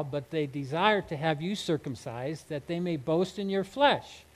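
Brief: male pastor, slightly higher voice, earnest emphatic sermon delivery, halting restarts. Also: low-quality recording. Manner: earnest, emphatic, with frequent restarts and soft laughs.

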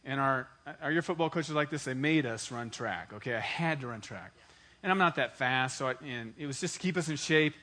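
A man's voice: mid-range voice, a little fast, pushed and bright. A man in his forties preaching a sermon, telling a joking personal story and talking straight to the congregation. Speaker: pastor.

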